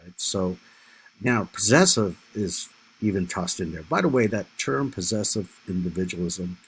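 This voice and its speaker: A man's voice: deep voice, lively intonation, moderate pace, slight background noise, rough recording. A man giving a recorded history lecture over slides, talking in a loose conversational way and often checking in with "right?" and "you know".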